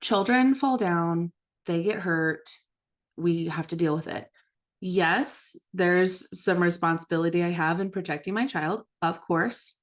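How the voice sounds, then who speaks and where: A mother leading a book study, talking in a gentle, reflective, casual way about her own habits. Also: fairly low pitch. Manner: gentle, self-reflective, with occasional laughs. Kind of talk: reflective casual teaching talk.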